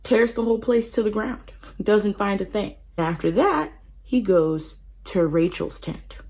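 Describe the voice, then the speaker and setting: A woman's voice: mid-range voice, unhurried, gravelly, a little mellow, a little hiss or hum. A woman casually retelling a Bible story in a slangy, conversational way. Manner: slangy, conversational, laughing asides. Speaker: host retelling Bible stories.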